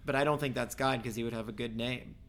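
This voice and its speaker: A man's voice: mid-range voice, fairly even intonation, fast talker, fairly bright tone. Man reading scripture aloud with joking asides. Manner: joking, reads scripture in formal cadence. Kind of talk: casual chat with Bible reading aloud.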